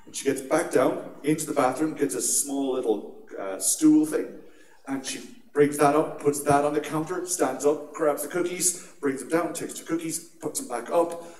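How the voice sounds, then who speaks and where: A man's voice: fairly high pitch, moderate pace, darkish tone, a little hiss or hum. A man with an Irish accent giving a conference talk on security, telling chatty personal anecdotes and laughing at his own stories. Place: large atrium at a conference. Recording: echoey hall picked up from a distance.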